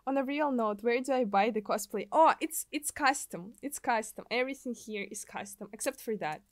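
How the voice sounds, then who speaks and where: A young woman from Russia with a Russian accent, chatting with viewers in an excitable, giggly way while streaming a game from a desk mic. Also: a little high, normal speed, no echo. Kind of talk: casual gameplay livestream.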